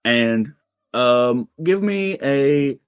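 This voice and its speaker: A man running a tabletop game as game master, narrating casually with many pauses and fillers. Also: medium pitch, expressive, clear, resonant tone, dull audio.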